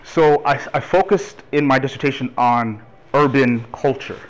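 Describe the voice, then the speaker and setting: A man in his thirties from Toronto gives a lively, chatty church talk on urban ministry and laughs along with the congregation. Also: medium pitch, normal speed, rough recording. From Toronto, Canada. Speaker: guest speaker on urban ministry.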